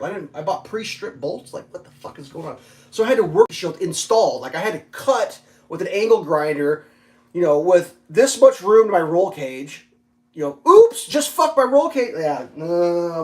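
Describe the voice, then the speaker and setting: A man ranting casually in a vlog about installing parts on his vehicle, frustrated and swearing often, with lots of filler words. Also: high-pitched. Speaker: vlogger working on his off-road vehicle.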